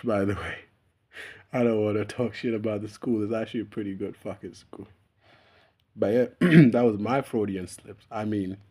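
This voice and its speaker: A man's voice: on the low side, mellow, breathy edge. A young man talking straight to camera in a loose, meandering monologue, laughing and swearing casually as he goes. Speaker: YouTuber. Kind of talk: unscripted rambling monologue.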